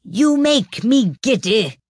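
A woman voicing a furious, shrieking tyrant queen who screams her orders slowly. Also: lowish voice, big pitch swings, gravelly, no room sound, clean studio sound, exaggerated voice. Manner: screaming, slow and drawn out.

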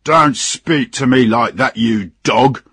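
A man voicing a fat, drunk, bad-tempered ship captain who barks at his crew in a husky voice. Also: mid-range voice, slow, a bit bright, no echo, clean studio sound, voice pushed up, full character voice. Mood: furious. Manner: barking, bullying.

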